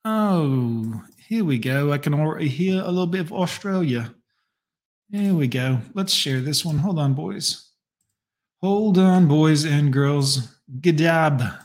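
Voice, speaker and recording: Male reaction host, mocking and crude, slightly high voice. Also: animated, takes it slowly, darkish tone. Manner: sarcastic, mocking asides. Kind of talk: casual profane reaction commentary.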